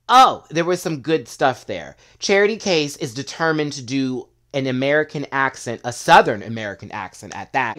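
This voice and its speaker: A man giving a casual, sassy recap of a reality competition episode, with quick asides and bursts of laughter. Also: a little high, lively intonation, fairly bright tone. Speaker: show reviewer.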